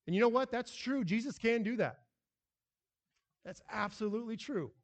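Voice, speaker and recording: A man preaching a sermon as pastor, animated and emphatic, with frequent restarts. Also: high voice, big-room sound.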